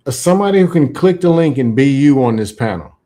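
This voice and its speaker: A man's voice: medium pitch, lively intonation, fast talker, a crowd in the background. Reflective man telling candid stories. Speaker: podcast host. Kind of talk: casual conversation.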